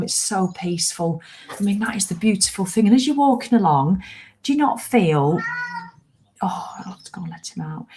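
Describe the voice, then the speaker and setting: Woman host, lowish voice, upbeat, chatty and encouraging on a live stream. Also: a little mellow, slight background noise. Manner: chatty, encouraging, acts out grumbling viewers. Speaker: host of a walking challenge livestream. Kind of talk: casual live chat to viewers.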